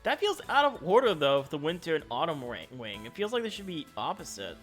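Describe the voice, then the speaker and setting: A man's voice: a little high, sing-song, brisk, faint music behind. A man casually commenting on a game playthrough with laid-back, chuckling asides. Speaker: streamer.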